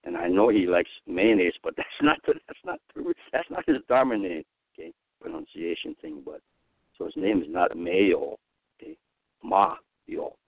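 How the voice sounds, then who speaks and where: A man giving a Dharma talk with a lively, wide-swinging delivery. The sound is tinny and narrow, like a phone line, and dry. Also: fairly quick, creaky, no room sound. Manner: animated, swings pitch widely and laughs at himself.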